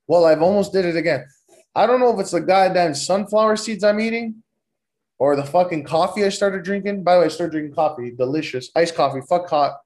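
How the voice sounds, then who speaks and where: A man's voice: sits high, darkish tone. Young man telling crude rambling stories. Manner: profane, rambling, loose and joking. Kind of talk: casual storytelling.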